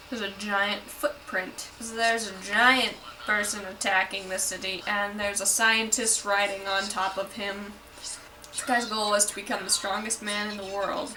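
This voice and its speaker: Bright-voiced chatty woman reacting to anime. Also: mid-range voice, distant mic, rough recording. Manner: chatty, lots of "like", wry asides. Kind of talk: casual reaction commentary. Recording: voice a bit off-mic with faint noise.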